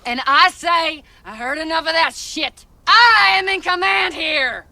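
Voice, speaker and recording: A tense army captain. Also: female voice, extremely high pitch, unhurried, vocal fry, sharp tone, dry recording, heavily acted. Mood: commanding. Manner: clipped, commanding, hardening into fierce orders. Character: embattled female army captain commanding wary soldiers. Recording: distant film clip with faint ambience.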